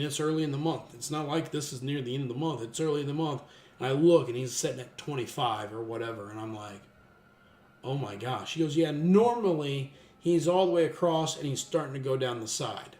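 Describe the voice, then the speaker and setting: A man in his thirties telling a long, rambling story in casual chat, restarting often and getting lively when he quotes people. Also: medium pitch. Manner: rambling with many restarts, animated when quoting others. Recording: echoey room with faint music.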